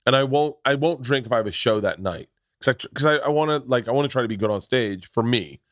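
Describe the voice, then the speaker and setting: A man hosting a podcast, telling stories in a casual chat, animatedly leaping into loud high voices when he quotes people. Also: expressive, fast talker, dry recording, clean studio sound. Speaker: podcast host.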